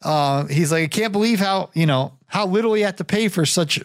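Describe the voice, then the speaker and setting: A man hosts a podcast in a casual, enthusiastic ramble, often repeating phrases. His voice sits a bit high. The sound is dry and close, with no room in it. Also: a little fast, no room sound. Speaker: podcast host.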